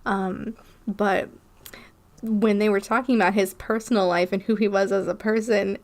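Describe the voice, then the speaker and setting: A woman co-hosting a casual podcast, talking in an unhurried way with frequent ums and laughs. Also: medium pitch, steady tone, a little mellow. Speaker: podcast co-host.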